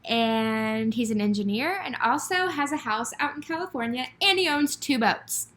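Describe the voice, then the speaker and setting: A bright, lively young woman in her twenties tells a dating story on a casual podcast, giggling and gushing as she goes. She speaks with a slightly high voice and fills her talk with "like". Her words spill out in bursts. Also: normal speed. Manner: gushing, giggly, heavy use of "like". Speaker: podcast co-host.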